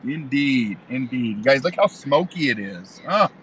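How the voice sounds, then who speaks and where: Male trivia host, bright, forceful voice, playful, talks from a vehicle. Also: mid-range voice, expressive, unhurried, slight background noise, poor audio. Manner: upbeat, playful quizmaster reading questions. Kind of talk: live-stream trivia hosting.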